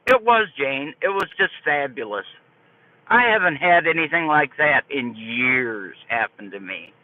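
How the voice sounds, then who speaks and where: An older woman spins a folksy story for her live chat, her voice rising and falling with lively energy. The sound is thin and phone-like. It is close and dry, with no room echo. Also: a bass voice, unhurried. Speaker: live streamer. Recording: tinny phone-like dry audio.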